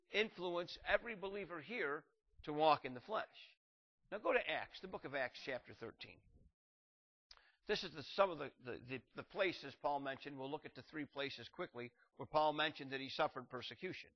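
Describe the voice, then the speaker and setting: A male pastor preaching a sermon, reading scripture aloud and raising his voice to drive points home. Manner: rises in pitch and volume to drive points home; reads scripture aloud in King James wording. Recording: muffled lo-fi recording.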